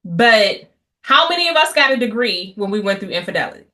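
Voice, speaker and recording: Her mid-range voice is sing-song, bright, forceful, and a little fast as she hosts a class on healing after infidelity. The woman lectures her audience in a lively, blunt, animated way, with asides and mock voices along the way.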